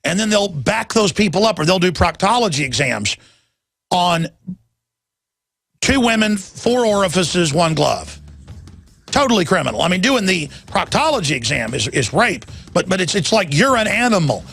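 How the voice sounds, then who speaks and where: Gravelly man ranting as a talk host. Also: high voice, big pitch swings, normal speed, fairly bright tone, no echo. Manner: heated, emphatic, stammering restarts. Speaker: radio talk show host. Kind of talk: ranting talk radio monologue.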